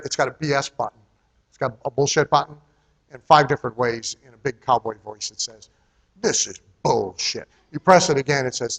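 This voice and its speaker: A man's voice: medium pitch, fairly bright tone. A man giving a live seminar talk on marketing, blunt and conversational, often checking in with his listeners and not shy about cursing. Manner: salty and irreverent.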